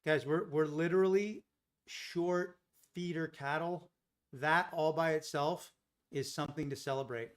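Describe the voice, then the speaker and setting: A man's voice: a little high, measured pace. A man hosting a live day-trading stream, thinking aloud through his trades and chatting with viewers. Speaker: day trading livestream host.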